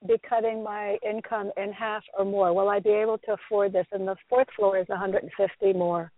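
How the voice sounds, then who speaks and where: A woman calls in to a radio show and asks her questions in short, earnest bursts. Her voice sits at an ordinary middle pitch. It reaches the listener over a dry, thin phone line. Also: level tone, brisk, dry recording. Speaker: caller.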